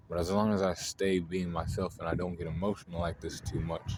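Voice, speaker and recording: Rambling deep-voiced man, noisy background. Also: steady tone, normal speed, few pauses. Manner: rambling, filler-heavy, frequent swearing. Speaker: astrology video host. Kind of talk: casual spoken monologue.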